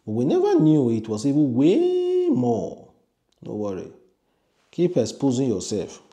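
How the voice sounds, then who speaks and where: A man's voice: medium pitch, wildly swooping pitch, a little slow, warm tone. A man with a Nigerian accent giving emphatic, opinionated commentary, repeating his refusals.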